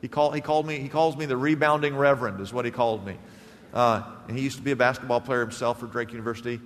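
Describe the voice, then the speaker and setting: A male pastor preaching a sermon in a church, telling stories and swinging between loud bursts and hushed, quiet lines. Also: medium pitch, steady tone, quick pace, big-room sound. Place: church sanctuary.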